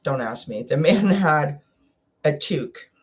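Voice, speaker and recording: A Canadian woman hosting a wellness chat, talking casually and emotionally about a personal experience, with frequent halting restarts and at times close to tears. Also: deep voice, expressive, husky. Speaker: wellness channel host.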